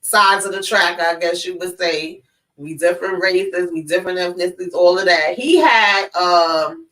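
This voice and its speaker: A congested woman hosting a casual movie recap, animated and laughing often. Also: fairly low pitch, normal speed, distant mic, low-quality recording. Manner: animated, laughing, plays quotes. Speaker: host of a movie recap show.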